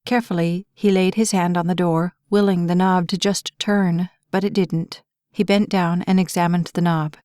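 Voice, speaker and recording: A woman's voice: lowish voice, fairly even intonation, normal speed, a little mellow, no echo. Woman narrating an audiobook, dry close sound. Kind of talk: scripted narration of a romance novel.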